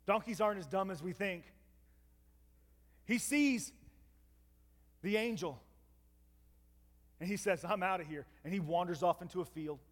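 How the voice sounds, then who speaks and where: Male preacher with a very high voice, animated storytelling sermon, long hall reverb. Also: measured pace, pauses often. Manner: lively, dramatic retelling with asides to listeners.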